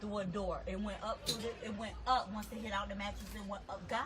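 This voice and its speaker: A woman's voice: mid-range voice, fairly even intonation, fast talker. A woman telling what happened near her home, repeating details emphatically in a casual way. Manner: repetitive, emphatic retelling. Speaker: local resident. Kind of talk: casual outdoor account.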